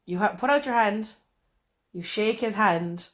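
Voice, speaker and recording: A woman's voice: medium pitch, measured pace. A woman co-hosting a podcast, chatting casually with crude, teasing humour and frequent laughter. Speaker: podcast co-host. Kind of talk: casual chat.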